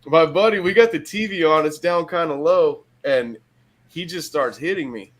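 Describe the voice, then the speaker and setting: A man's voice: a little high, normal speed, a loud crowd, poor audio. A middle-aged man from Michigan, telling a story in casual podcast chat, swearing and laughing hard through it. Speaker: podcast guest.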